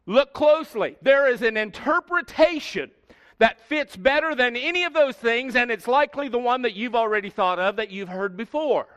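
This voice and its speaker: A middle-aged man preaching a sermon as pastor, emphatic, slowing down and dropping his voice on key words. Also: very high voice, fairly bright tone, clear, resonant tone, lo-fi sound.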